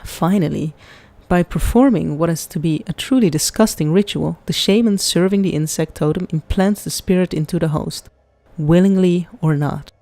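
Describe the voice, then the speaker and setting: A woman's voice: lowish voice, moderate pace, warm tone, no room sound, close to an everyday voice. A woman voicing a flamboyant male elf who lectures in a playful, theatrical way.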